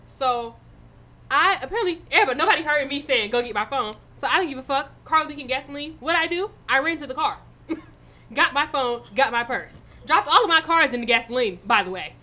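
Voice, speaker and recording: A young woman co-hosting a podcast, telling a story in a casual way, animated and swearing freely. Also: high voice, fairly quick. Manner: animated, swearing, loud in retold moments. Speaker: podcast co-host.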